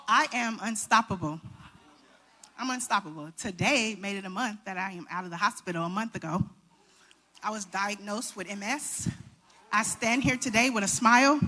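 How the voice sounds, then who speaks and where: A woman's voice: mid-range voice, pushed and bright, a little hiss or hum. A woman in her thirties giving an emotional acceptance speech, nervous and shaking as she talks straight to the crowd. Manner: nervous, shaky, heartfelt, talks to the crowd directly. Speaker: award recipient giving a speech.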